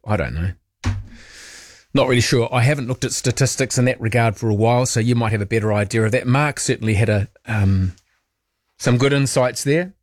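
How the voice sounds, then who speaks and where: A man's voice: medium pitch, no room sound. A man hosting talkback radio in a studio, reading out listener messages with wry, chatty asides. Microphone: studio microphone.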